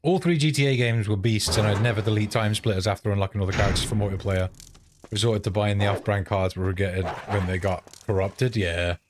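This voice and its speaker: Brief: British male streamer, low-pitched, chatty and profane, hums while playing. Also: fairly even intonation, brisk, background noise. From Britain. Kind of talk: casual gameplay stream chat.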